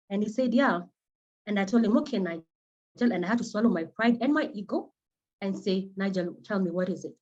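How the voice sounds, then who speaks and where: A Kenyan woman psychotherapist, a native Kimeru speaker, giving an animated and earnest talk built around personal stories. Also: medium pitch, a little fast, muffled recording. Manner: animated, acts out quoted voices, earnest.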